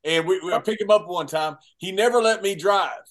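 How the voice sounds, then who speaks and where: A man's voice: sits high, brisk, a bit bright. A man telling an admiring road story with enthusiasm in casual chat.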